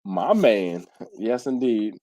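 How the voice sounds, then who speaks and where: Male livestream host, stuffy nose, warm mellow tone, dry close sound, easygoing chat. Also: fairly low pitch, slow pace, no room sound, poor audio. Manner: relaxed, reads viewer comments aloud and answers. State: congested. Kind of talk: casual live chat. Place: home.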